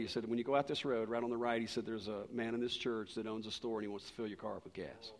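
An older man preaching a sermon and telling a personal story, animated, swinging from loud bursts to quiet asides. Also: mid-range voice, very fast, hardly any pauses. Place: church sanctuary. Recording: long reverb of a large church.

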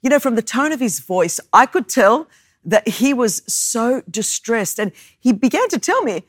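A woman in her fifties, from Australia, preaches as a guest speaker, her voice sitting a little high. She tells a personal story with expressive, lively delivery. The sound is close and dry. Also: moderate pace, dry recording. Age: 50s. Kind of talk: sermon storytelling.

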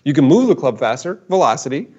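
A man's voice: a little high, quick pace, breathy edge. A man talks through a story as the guest expert in a casual conversation. He repeats himself as he builds up each point and slips into the voices of people he quotes. The sound is muffled and lo-fi. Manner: animated, repeats words, acts out quotes.

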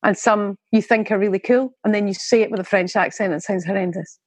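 A woman talking as a podcast guest in casual chat, mid-pitched. She rambles, breaks off her own sentences and laughs often. The sound is dry and close. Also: steady tone, a little fast, no echo, rough recording. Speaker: guest parent.

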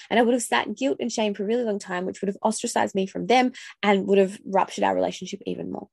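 A woman's voice: mid-range voice, quick pace, vocal fry, slightly rough, dry recording, clean studio sound. A woman in her thirties hosting a casual solo podcast, talking candidly with swearing, laughter and acted-out outbursts. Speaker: podcast host.

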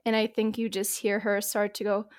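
A woman playing a tabletop role-playing game describes her character's actions in a mid-range, level voice at a moderate pace. She rambles, filling her speech with words like "like" and "I think."

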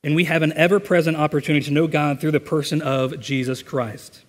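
Man, pastor, earnest conversational sermon, slightly high voice, long church-hall reverb. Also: steady tone, brisk. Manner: earnest, conversational preaching with scripture reading. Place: church sanctuary.

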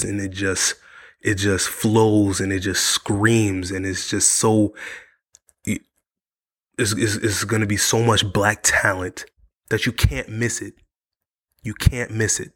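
A man's voice: lowish voice, level tone, moderate pace, a bit bright. A man hosting his own podcast, talking earnestly and repetitively to camera while sick and worn out. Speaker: podcast host. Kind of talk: casual monologue to camera. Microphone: studio mic.

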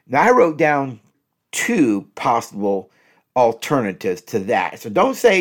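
A man's voice: mid-range voice, sing-song, unhurried. A man hosting an instructional podcast, talking straight to his listeners as folks and repeating each example phrase twice. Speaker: podcast host and relationship coach.

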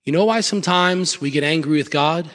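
A man preaching a sermon in church, emphatic and repetitive, with sudden loud bursts. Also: a little high, a little fast, big-room sound. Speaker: pastor. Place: church sanctuary.

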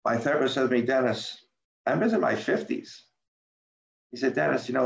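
An older man speaking as a guest about his life, halting and repeating words, acting out quoted lines in a livelier voice. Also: mid-range voice, expressive, vocal fry. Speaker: guest, author and former medical center president. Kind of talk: candid interview talk. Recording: dull roomy remote recording.

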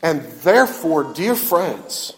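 A man's voice: a little high, big pitch swings, slow, in a large hall. A male pastor preaching a sermon emphatically, often repeating his questions and building to fervor.

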